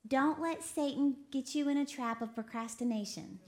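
A woman from Texas preaching a lively sermon, laughing often and quoting voices as she talks. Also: sits high, normal speed. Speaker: preacher co-hosting a broadcast. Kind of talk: sermon to a women's audience.

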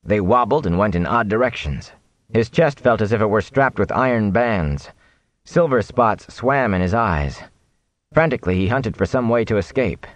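A man reading a fantasy novel aloud in animated, expressive audiobook narration. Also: lowish voice, moderate pace, no echo.

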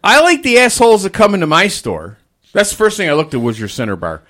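A man venting about his fast-food restaurant job in casual chat, swearing constantly and ranting with animation. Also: sits high, wildly swooping pitch, fairly bright tone.

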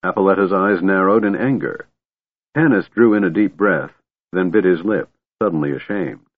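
Low-voiced man narrating an audiobook. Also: moderate pace, no echo. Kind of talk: scripted narration. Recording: narrow phone-like dry audio.

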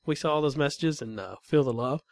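A man's voice: medium pitch, a little fast, creaky, darkish tone, no room sound. A man co-hosting a casual podcast, cracking wry teasing jokes and thanking listeners. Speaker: podcast co-host. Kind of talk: casual chat.

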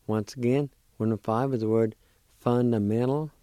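A man patiently teaching words syllable by syllable on a radio lesson, repeating each sound slowly. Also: on the low side, mellow, no echo. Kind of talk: slow spelling and pronunciation lesson.

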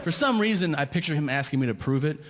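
Male stand-up comic, animated, acts out the voices; live hall echo, audience audible. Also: on the high side, fast, a little hiss or hum. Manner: animated storytelling, acting out voices. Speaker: stand-up comedian. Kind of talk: stand-up set. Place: theater stage.

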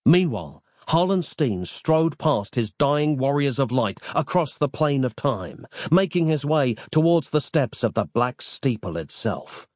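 A man narrating a fantasy audiobook in an expressive, theatrical storytelling manner. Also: mid-range voice, measured pace, hardly any pauses, dry recording, clean studio sound.

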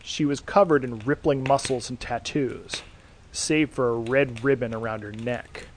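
Brief: male narrator, mid pitch, dry deadpan horror reading, slight hiss. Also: unhurried. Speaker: podcast host and reader. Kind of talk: scripted horror story narration.

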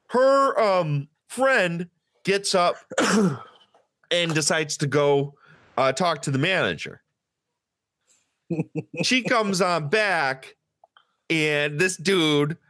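A man with a bright, fairly high voice that swings up and down as he tells a story. He talks casually and swears freely, and jumps into loud, high-pitched impressions of the people he quotes. The sound is dry and close, with no room echo. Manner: animated, profane, acts out quotes in a high loud voice. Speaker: podcast co-host.

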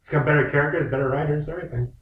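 A man's voice: fairly high pitch, steady tone, rapid-fire. A man in a casual podcast chat, wry and bantering, arguing his points. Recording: dull, roomy, distant mic.

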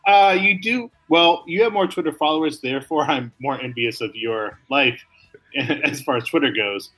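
A man's voice: a little high, normal speed, fairly bright tone, breathy edge, faint music behind, poor audio. A man co-hosting a comedy podcast, rambling through mock-serious apologies. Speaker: podcast co-host. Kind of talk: casual comedic chat.

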